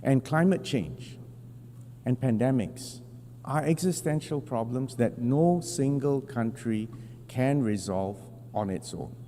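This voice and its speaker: Measured man in a vast hall. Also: mid-range voice, lively intonation, dark tone. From Singapore. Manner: measured, deliberate phrasing with emphatic stresses. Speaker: national representative addressing the General Assembly. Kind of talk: formal prepared speech. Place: large assembly hall. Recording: long hall reverb with faint hum.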